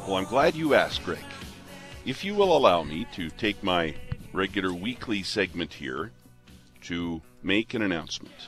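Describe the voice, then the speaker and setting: A man's voice: low voice, sing-song, normal speed, fairly bright tone, faint music behind. A man in his fifties from Canada, a radio host talking in an earnest, rambling way with many restarts. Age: 50s. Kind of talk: casual on-air chat. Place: radio studio.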